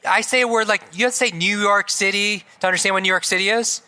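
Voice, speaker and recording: A man in middle age delivers a live talk in an event hall, his voice strikingly bright and a touch high. He works the audience energetically, throwing out questions and checking in with them as he goes. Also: fast talker, clear, resonant tone. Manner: energetic, asks the audience questions, tags lines with "right?". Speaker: motivational speaker.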